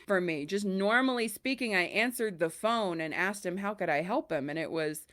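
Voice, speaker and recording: A young woman hosts a casual podcast chat. She tells stories in a lively way and slips into the voices of the people she quotes, with a middle-pitched, everyday tone. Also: normal speed, few pauses. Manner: animated, acts out quoted voices. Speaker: podcast host.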